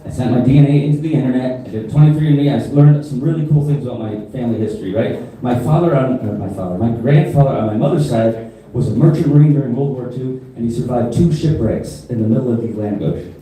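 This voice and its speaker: A man in his thirties works through a crude stand-up set with a deadpan delivery. His voice is very dark and mellow. It bounces around a roomy club and is picked up from some distance. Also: medium pitch, fast. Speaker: stand-up comedian. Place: comedy club stage.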